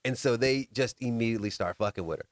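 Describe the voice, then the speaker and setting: Guy cohosting a podcast, laughs a lot, animated storyteller, dry close mic. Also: mid-range voice, quick pace, no echo. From United States. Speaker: podcast co-host. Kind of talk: casual chat.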